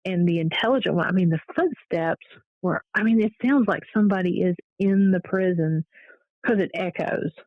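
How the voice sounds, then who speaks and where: Woman, paranormal investigator, casual animated storytelling, dry dull recording. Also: fairly low pitch, moderate pace, dry recording. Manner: animated storytelling, fillers and restarts. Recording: dull lo-fi audio.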